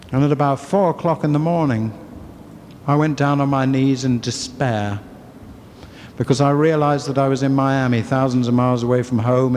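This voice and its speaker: An English man tells his recovery story in a wry, candid, storytelling way, at a middle pitch. The voice carries a long hall reverb with faint room ambience, like an old convention tape. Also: darkish tone, a little hiss or hum. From England. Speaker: convention speaker.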